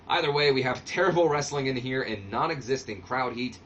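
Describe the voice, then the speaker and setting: A man's voice: medium pitch, fairly quick, a bit bright, dull audio, a little hiss or hum. Casual sarcastic man commentating a game. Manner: casual, sarcastic and self-deprecating. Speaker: channel host. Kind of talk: let's-play commentary on a wrestling sim game.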